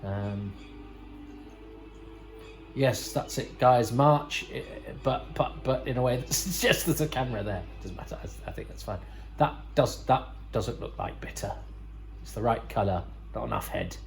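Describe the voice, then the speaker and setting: A man's voice: medium pitch, measured pace, vocal fry, soft background music, low-quality recording. A man hosting a podcast, giving casual, rambling commentary over a TV episode with wry asides and frequent self-corrections. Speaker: podcast host.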